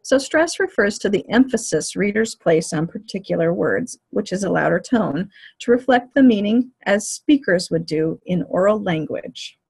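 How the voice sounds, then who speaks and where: Husky woman giving a measured lecture. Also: mid-range voice, expressive, a little mellow. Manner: clear, measured explanatory delivery. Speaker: teacher educator. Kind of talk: lecture on reading fluency.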